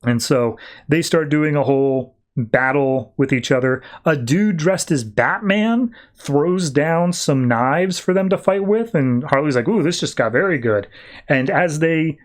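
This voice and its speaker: A man casually recapping a comic book on a podcast, slipping into quick, higher put-on voices for the characters. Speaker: podcast host.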